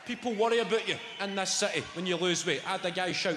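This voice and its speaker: A man's voice: sits high, quick pace, few pauses, heavy background noise. Brash Scottish man onstage in echoey hall. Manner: brash, sweary storytelling. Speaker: stand-up comedian. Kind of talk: stand-up comedy set. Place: large venue stage. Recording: echoey hall with loud audience ambience. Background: audience laughter.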